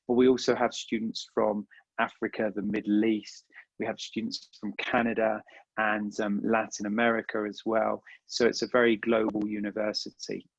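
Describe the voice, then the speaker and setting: A man's voice: lowish voice, gravelly, husky, dry recording. A man with an English accent giving a casual virtual presentation about a university, chatty and full of ums and uhs. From England. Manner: chatty, repeats words, many filler ums and uhs. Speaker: university recruiter. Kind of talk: virtual info session presentation. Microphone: video call. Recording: dull lo-fi video call audio.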